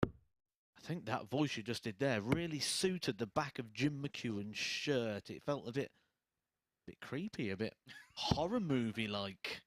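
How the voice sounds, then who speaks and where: A man's voice: medium pitch, animated, unhurried, dry recording. A man commentating on a darts match from a commentary box, mixing play-by-play with wry jokes. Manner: wry, jokey observations. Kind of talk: live sports commentary.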